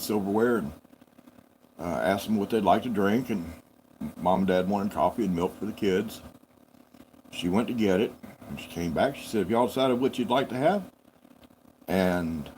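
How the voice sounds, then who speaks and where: A fairly low-voiced man spins a folksy, rambling yarn on a live farm stream. He corrects himself as he goes, unhurried and homespun. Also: a little mellow, a little hiss or hum, poor audio. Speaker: farm channel host.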